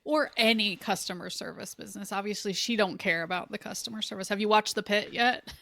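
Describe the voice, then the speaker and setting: Host, woman, bright dry close voice, direct casual talk to listeners. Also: medium pitch, a little fast, creaky, dry recording. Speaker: podcast host, nurse. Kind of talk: casual interview chat.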